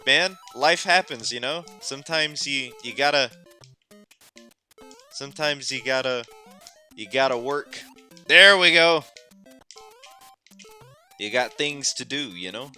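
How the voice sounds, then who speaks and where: A man streaming a game, chatting casually, animated and exclamatory, and laughing often. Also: medium pitch, takes it slowly, pauses often, clean tone, faint music behind. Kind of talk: casual gameplay chat.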